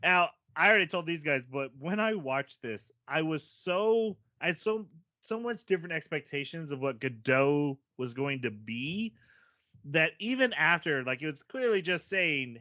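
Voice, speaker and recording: A man with a bright, forceful voice talks animatedly about an anime he watched, poking fun at his own wrong guesses. The sound is dry and close, with a slightly dull, lo-fi tone. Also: on the high side, moderate pace, no echo. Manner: animated, self-deprecating, laughs often. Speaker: podcast co-host. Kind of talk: casual chat.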